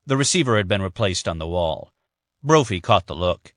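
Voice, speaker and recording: Guy reading a thriller audiobook, low voice, measured, dry close sound. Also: lively intonation, a bit bright, dry recording. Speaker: audiobook narrator. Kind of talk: scripted narration.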